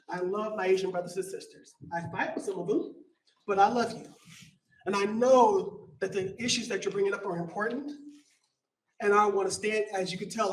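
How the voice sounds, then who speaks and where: A man in his fifties from San Francisco, giving a public comment at a meeting, speaking slowly and addressing people in the room directly and playfully. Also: high voice. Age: 50s. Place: community center meeting hall. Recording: echoey hall, distant mic, faint noise.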